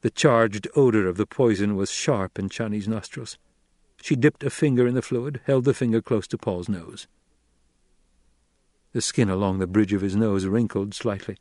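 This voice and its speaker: A man narrating an audiobook in a measured storytelling voice on a close mic. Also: fairly low pitch, darkish tone, no room sound. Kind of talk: scripted narration.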